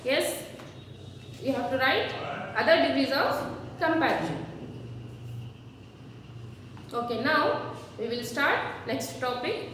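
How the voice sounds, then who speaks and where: A woman teaching a grammar lesson to children, slowly repeating word forms for them. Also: sits high, animated, fairly bright tone, a little hiss or hum. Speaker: schoolteacher. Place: classroom. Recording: echoey room, far from mic.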